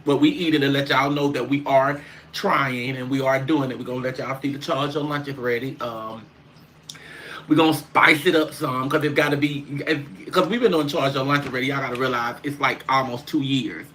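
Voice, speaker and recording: A man's voice: mid-range voice, moderate pace, pushed and bright, a little hiss or hum. A man chatting casually on his livestream, rambling and talking straight to his viewers.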